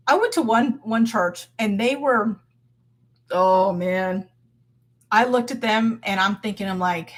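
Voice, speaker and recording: A woman giving an informal Christian devotional talk, candid and expressive, laughing as she goes. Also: a little high, breathy edge.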